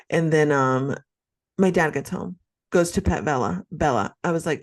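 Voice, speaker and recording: A woman co-hosting a chatty podcast tells her story with dramatic flair. Her voice sits on the low side, and she leans into every twist of the tale. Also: moderate pace. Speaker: podcast co-host. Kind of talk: casual chat, storytelling.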